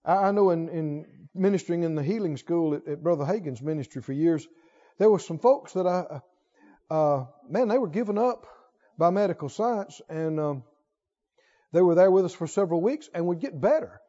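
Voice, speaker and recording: Male preacher, high and lively, folksy and emphatic, church hall reverb. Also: normal speed. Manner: animated, rising to emphatic exclamations, conversational asides. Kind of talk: sermon. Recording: dull audio with long hall reverb.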